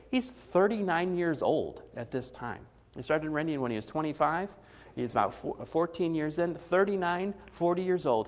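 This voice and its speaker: A man's voice: fairly high pitch, expressive, moderate pace. A man preaching a sermon in a conversational way, retelling scripture with acted-out dialogue and frequent restarts. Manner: conversational, acts out quoted dialogue, restarts often. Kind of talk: casual sermon.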